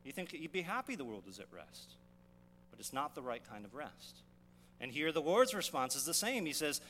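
A man's voice: fairly high pitch, big pitch swings, normal speed, pushed and bright. A male pastor preaching a sermon, teaching verse by verse with rhetorical questions and frequent restarts. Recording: long reverb of a hall, faint hum.

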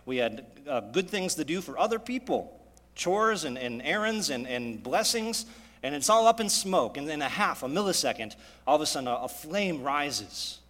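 A man in his thirties preaching with a fairly high voice that rises and falls with lively emphasis. He presses his listeners with rhetorical questions, and his words ring out through a hall with a long echo. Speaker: pastor. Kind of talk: sermon.

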